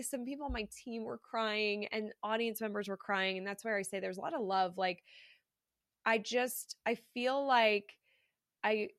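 A woman's voice: medium pitch, gravelly, no echo, clean studio sound. Chatty congested woman podcaster. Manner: candid, chatty, swears casually, many fillers. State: congested from allergies. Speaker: podcast host. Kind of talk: casual solo podcast monologue.

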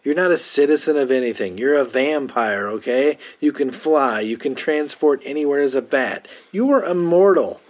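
A man voicing an exasperated young male assistant who scolds his boss loudly. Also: mid-range voice, expressive, normal speed, few pauses, pitched above the performer's own voice, close to an everyday voice. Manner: shouting, scolding.

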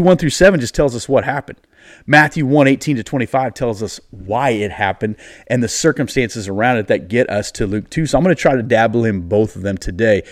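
A man's voice: mid-range voice, no room sound, clean studio sound. A middle-aged man hosting a casual devotional podcast, talking chattily and straight to his listeners. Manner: chatty and conversational, addresses listeners directly. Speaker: podcast host. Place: garage.

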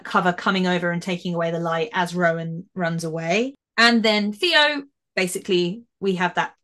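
A chatty woman at mid pitch talks through a TV episode with her co-host in a relaxed podcast conversation. She is animated and quick to laugh, and she often restarts her sentences. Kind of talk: casual episode review chat.

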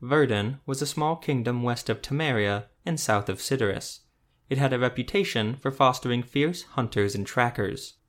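A man reading a fantasy story aloud as narrator, in a steady, even manner. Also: mid-range voice, normal speed. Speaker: audiobook narrator. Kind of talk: scripted narration.

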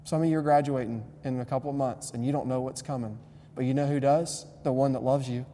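Young male pastor, sermon delivery, mellow tone, quiet to fervent, recorded in a reverberant hall. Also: medium pitch, fairly even intonation, a little fast. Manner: swings from quiet tender lines to loud impassioned preaching. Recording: long hall reverb, faint hum.

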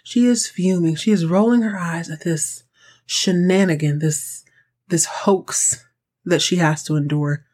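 A woman's voice: fairly low pitch, measured pace, a little mellow. A woman hosting a podcast, recapping a TV episode in sassy, slangy, conversational chat. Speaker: podcast host recapping a TV show.

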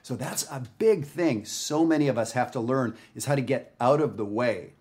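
A man's voice: medium pitch, animated, moderate pace, a little mellow. A man from Canada giving a casual video lesson on jazz, talking in a conversational, emphatic way and often checking in with "right?". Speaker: jazz music teacher. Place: home studio with his dog.

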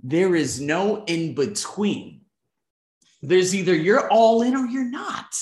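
Animated man vlogging in an echoey room. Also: high-pitched, slow. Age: 30s. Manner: animated and emphatic, swears casually, acts out quoted dialogue. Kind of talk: reflective monthly review.

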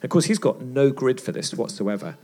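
A man's voice: medium pitch, fairly quick. A man giving a sermon at a church retreat, telling a story and acting out the voices in it. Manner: animated storyteller acting out dialogue. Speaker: retreat speaker.

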